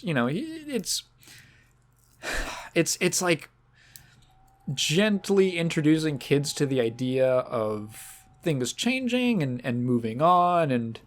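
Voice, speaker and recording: A man hosting a podcast, talking in a halting, sentimental way and fighting back tears. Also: a little high. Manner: halting, sentimental, restarts often. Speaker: podcast host. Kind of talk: casual podcast monologue.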